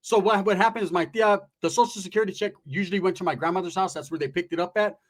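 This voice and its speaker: Higher-pitched male comic storyteller, slangy and crude. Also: quick pace. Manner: slangy, profane, loose asides. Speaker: stand-up storyteller. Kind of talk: comedic storytelling.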